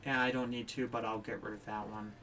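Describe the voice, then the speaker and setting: A livestreamer giving live gameplay commentary who talks excitably and breaks into loud, frustrated outbursts. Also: mid-range voice, a little fast, recorded from a distance.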